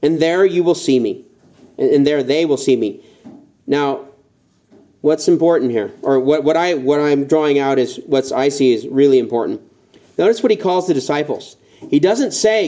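Mellow-voiced man preaching a sermon. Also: on the high side, moderate pace. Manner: conversational, rising emphatic tones when quoting. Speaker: pastor.

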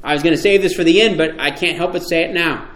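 Male preacher, slightly high voice, animated and emphatic, sermon delivery. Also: fast talker, echoey room. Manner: animated, emphatic, with rhetorical questions.

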